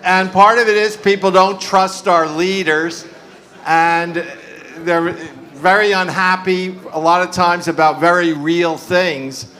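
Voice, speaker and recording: A man's voice: high-pitched, steady tone, slow pace, bright, forceful tone. A man talking at a live conference panel, discursive and full of asides and fillers. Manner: discursive, frequent fillers and asides, laughs often. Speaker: panel speaker.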